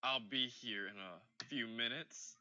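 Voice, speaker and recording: A man's voice: mid-range voice, slow, highs cut off, a crowd in the background. A man playing in a tabletop game, joking playfully in casual chat. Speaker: player.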